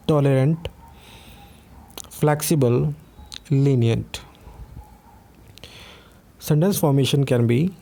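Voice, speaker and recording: A man teaching newspaper vocabulary, switching between Hindi and English and reading example sentences slowly. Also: mid-range voice, dark tone. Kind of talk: vocabulary lesson.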